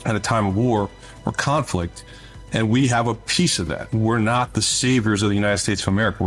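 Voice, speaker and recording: Earnest former SEAL officer telling stories. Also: male voice, fairly low pitch. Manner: earnest, conversational, repeats words when starting a thought. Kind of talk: interview storytelling.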